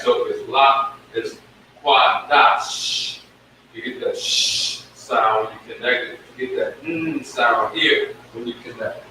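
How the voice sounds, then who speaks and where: Male teacher, unhurried, drawls each syllable, bright tone, very echoey room, distant mic. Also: mid-range voice, slight background noise. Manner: slow, drawn-out sounding of syllables. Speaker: Hebrew teacher. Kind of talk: classroom lesson streamed live. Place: room with a whiteboard.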